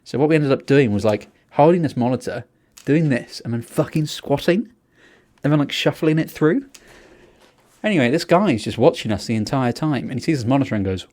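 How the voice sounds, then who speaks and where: A man's voice: medium pitch, brisk. A young man, co-hosting a podcast, telling a story in a casual chat and acting out the quotes with lots of laughter. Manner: animated storyteller, acts out quotes, laughs a lot. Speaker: podcast co-host.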